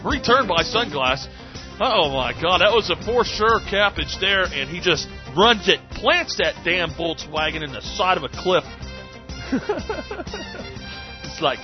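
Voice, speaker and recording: A man giving excitable, jokey sportscaster-style play-by-play of a video game, laughing often. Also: fairly high pitch, unhurried, long pauses. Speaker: game commentator. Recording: muffled lo-fi recording with game music.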